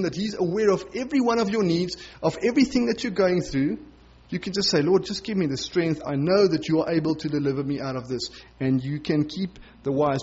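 A man's voice: sits high, darkish tone, slightly rough, lo-fi sound. A male pastor giving a conversational sermon, acting out the voices of the people he quotes.

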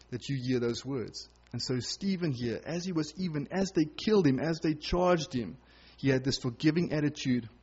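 A man's voice: fairly high pitch, slightly rough, dull audio. A man preaching a sermon in an earnest, emphatic way, pressing harder on his key points.

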